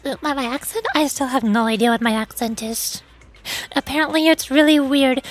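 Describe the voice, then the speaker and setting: A tired woman streamer and voice actor chatting quietly and softly with frequent giggles. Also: high voice. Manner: quiet and soft-spoken, giggly. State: tired after hours of streaming. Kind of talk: casual gaming stream chat.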